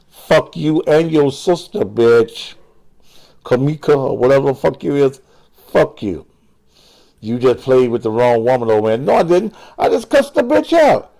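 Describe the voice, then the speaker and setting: Older male host, profane, combative rant, lively pitch, slow unhurried delivery. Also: vocal fry. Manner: crude, combative, cursing, mocking. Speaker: online show host. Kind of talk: profane live-stream rant.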